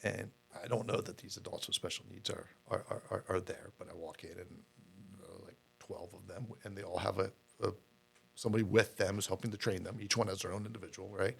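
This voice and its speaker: A man's voice: low-pitched, fairly even intonation, brisk, creaky, husky. A middle-aged man, a podcast guest, telling his story in a candid, rambling way with many fillers and repeated words.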